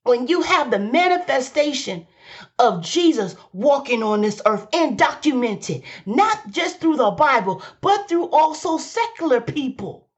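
A woman's voice: sits high, big pitch swings, unhurried. A woman preaching a fervent sermon, repeating lines for emphasis and calling out to her listeners. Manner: exclaims and hums between phrases.

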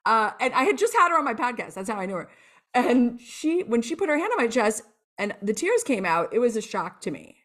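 A woman's voice: a little high, fairly quick. A woman coach, a guest on a podcast, chatting candidly and acting out past moments as she talks. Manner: lively and expressive, acts out her own past lines. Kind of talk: candid storytelling interview chat.

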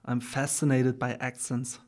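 A man speaks as a guest in a casual interview. His voice is mellow and flat, with little rise and fall. He answers in a relaxed, hesitant way, full of fillers. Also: medium pitch, a little slow. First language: German. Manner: relaxed, hesitant, many fillers and soft laughs. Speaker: guest, English learner.

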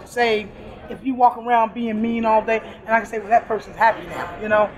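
A woman's voice: a little high, steady tone, brisk, muffled recording. A middle-aged woman who works at an airport store, talking in a casual, upbeat interview and laughing often. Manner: warm, upbeat, laughs often, preachy asides. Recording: crowded airport background. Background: crowd chatter.

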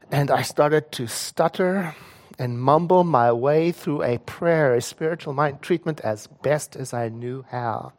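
Slow, earnest man telling a story. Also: on the high side. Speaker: prayer practitioner. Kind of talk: personal story in a spiritual talk.

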